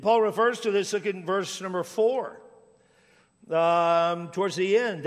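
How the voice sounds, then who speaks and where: Middle-aged pastor guy preaching, highish voice, storytelling, repeats himself to build up, big church echo. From Washington State. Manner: storytelling, repeats words when building a point. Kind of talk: sermon.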